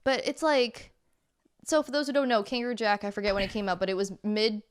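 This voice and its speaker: A young woman co-hosting a podcast, telling stories in a chatty, animated way with lots of fillers. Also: medium pitch, fairly quick, clear, resonant tone. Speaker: podcast co-host. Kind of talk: casual chat.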